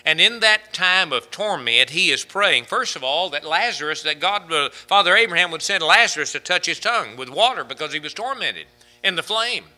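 A high-pitched male pastor preaching a sermon with a sharply bright, forceful tone. His delivery swings widely in pitch, building from measured teaching into fervent, emphatic climaxes. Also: expressive. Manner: preachy, rising to fervent shouting peaks.

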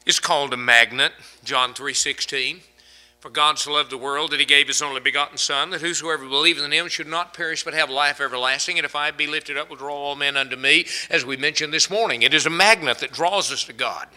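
Bright-voiced male preacher with dramatic swings. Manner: dramatic swings between loud emphatic peaks and hushed low phrases; quotes scripture in slow, drawn-out delivery. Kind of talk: sermon.

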